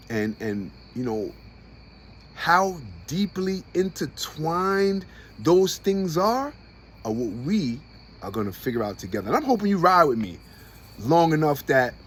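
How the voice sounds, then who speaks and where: A man hosting a personal podcast, talking openly and with passion, dropping low and quiet, then rising loud and high. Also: a little hiss or hum. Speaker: podcast host.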